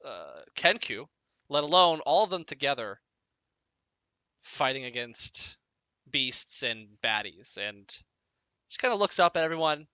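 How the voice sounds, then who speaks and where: A young man narrates a tabletop game as dungeon master and laughs often as he talks. He trails off and restarts his sentences. His voice sounds bright and animated, and it has a smooth, dry close sound. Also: mid-range voice, unhurried, long pauses, no room sound.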